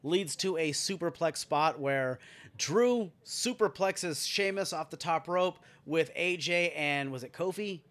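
A man's voice: a little high, unhurried, a bit bright. A young man ranting and recapping wrestling matches in a casual, profane, sarcastic way. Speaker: wrestling show reviewer.

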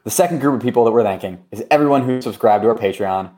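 Speaking quickly in a mid-range voice, this man hosts a relaxed podcast from a remote setup. He jokes his way between promos and shout-outs, staying playful and loose while ribbing his co-host to keep things rolling.

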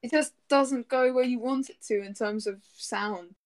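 A woman's voice: fairly high pitch, unhurried, a little hiss or hum. Woman chatting about songs, chatty, lots of restarts and laughs. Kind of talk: casual music discussion.

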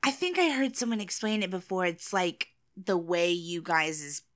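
Low bright american woman, chatty, voice bounces all over, laughs a lot. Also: moderate pace. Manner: chatty, laughs often, trails off mid-sentence. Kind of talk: casual chat.

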